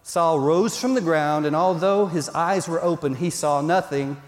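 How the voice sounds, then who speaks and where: A man's voice: a little high, unhurried. A male pastor, preaching a sermon in a conversational, emphatic way. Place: church. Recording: long reverb in a church hall.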